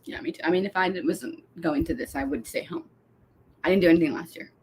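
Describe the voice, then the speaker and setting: A young woman co-hosting a book club livestream, chatting casually in a relaxed, laid-back way with short replies. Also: low-pitched, quick pace, slight background noise.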